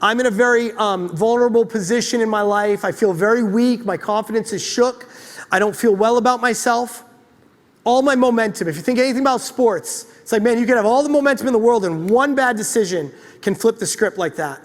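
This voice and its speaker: A man giving a motivational talk to a live audience at a chiropractic event, telling a story in an animated, joking, self-deprecating way. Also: very high voice, fairly quick. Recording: long hall reverb.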